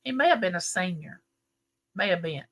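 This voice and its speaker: Talking at a moderate pace in a lowish voice, a middle-aged livestream host casually shares a long family tale with her viewers. Her storytelling is lively and emphatic.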